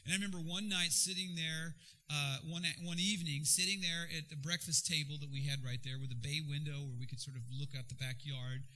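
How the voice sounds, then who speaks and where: A man preaching a sermon in an animated, jokey way with sudden bursts of energy. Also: a little high, a little fast, low-quality recording. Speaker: pastor.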